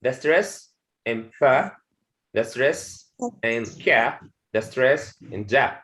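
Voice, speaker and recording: Slow-paced male English teacher. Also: mid-range voice, a bit bright, low-quality recording. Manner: slow and repetitive, says words twice to model them; frequent "okay" fillers. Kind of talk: slide-based lesson.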